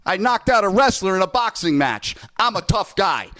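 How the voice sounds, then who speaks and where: A man's voice: sits high, big pitch swings, normal speed, sharp tone, pitched above the performer's own voice, heavily acted. A man doing a playful impression of a boastful young male celebrity boxer with a swaggering manner. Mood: cocky.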